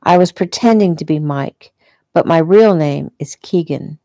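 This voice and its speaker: A woman reading the lines of a gentle, injured man who talks softly to little girls. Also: deep voice, measured pace, creaky, no room sound, clean studio sound. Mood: tender. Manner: soft, tender speech.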